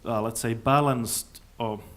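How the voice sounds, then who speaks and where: A man stands before a conference audience, fielding questions. His voice sits in an ordinary middle register. He is thoughtful and halting, often restarting sentences as he works out his answers. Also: mid-range voice, fairly even intonation. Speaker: conference speaker. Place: conference hall.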